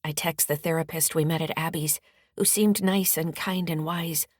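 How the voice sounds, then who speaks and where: A woman author narrating her own mystery-thriller audiobook in the first person, steady and firm in the mother's dialogue. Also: sits low, normal speed, dry recording, clean studio sound. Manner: steady storytelling, rising firmly in the mother's lines.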